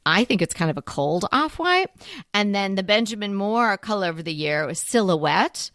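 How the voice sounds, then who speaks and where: A woman's voice: mid-range voice, very animated, moderate pace, fairly bright tone, no room sound, clean studio sound. A woman co-hosting a home decorating show, talking in a casual, musing way with fillers. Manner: chatty, musing, with fillers and laughs. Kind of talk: casual conversational chat.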